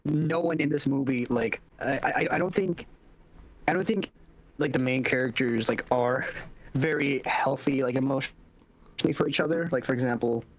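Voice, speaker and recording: A man's voice: medium pitch, normal speed. A young man co-hosting a casual movie review podcast, rambling and swearing freely. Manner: rambling, swears often, acts out scenes in funny voices. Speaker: podcast co-host.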